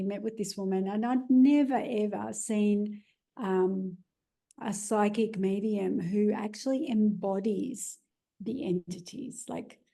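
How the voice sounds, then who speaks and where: A woman's voice: mid-range voice, gravelly, dark tone. An Australian woman earnestly recounting a personal experience, with frequent "you know" fillers. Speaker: guest telling her story. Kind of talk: personal storytelling.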